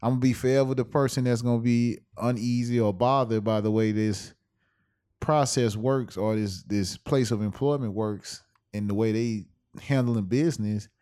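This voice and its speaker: A man's voice: mid-range voice, fairly even intonation, moderate pace, dark tone, clean tone. A man co-hosting a podcast, casual and easygoing, agreeing and joking with his friend. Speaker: podcast co-host. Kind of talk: casual chat.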